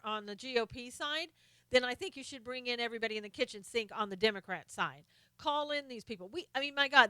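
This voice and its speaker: A woman's voice: a little high, bright, forceful tone, clear, resonant tone, no echo. A woman hosting a live stream of political commentary, talking in an impassioned way and greeting viewers by name.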